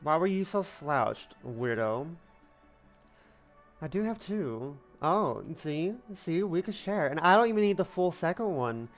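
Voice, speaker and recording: A woman's voice: low-pitched, very animated, a little slow, faint music behind. Chatty rambling woman streamer. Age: 20s. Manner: chatty and rambling, repeats herself playfully. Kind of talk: casual let's-play chat.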